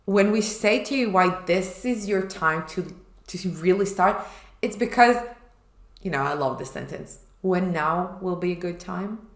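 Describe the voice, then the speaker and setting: A woman's voice: lowish voice, measured pace. Candid woman telling her story, echoey room. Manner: candid and emotional, acting out her past self. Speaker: podcast co-host. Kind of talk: personal storytelling chat.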